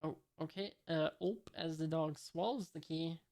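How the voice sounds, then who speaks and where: A woman reading a comic aloud in a casual way. She pauses often on filler sounds, reads out the sound effects and describes each panel. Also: low-pitched, a little mellow. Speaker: reader of a comic. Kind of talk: casual comic read-along.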